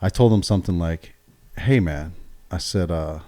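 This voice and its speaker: Middle-aged man, profane animated storyteller. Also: low voice, moderate pace. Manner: profane, animated, acts out quoted dialogue. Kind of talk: casual storytelling on a podcast.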